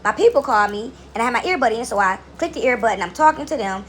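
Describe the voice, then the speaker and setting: A woman's voice: fairly high pitch, animated, fast talker, a little hiss or hum. A woman telling a long, rambling story to her camera from her couch at home, repeating words and checking in with "right?" as she goes. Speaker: vlogger.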